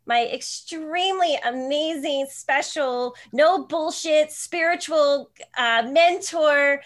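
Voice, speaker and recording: A woman's voice: sits high, slow pace, few pauses, a bit bright. A woman from New Jersey hosting a podcast, effusive and bubbly, rambling through restarts in casual interview chat. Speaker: podcast host.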